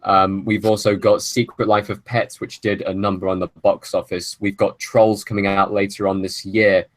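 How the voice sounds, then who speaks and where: A man's voice: lowish voice, flat delivery, normal speed, no room sound. A man hosting a film podcast, making long opinionated arguments in casual chat. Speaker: podcast host.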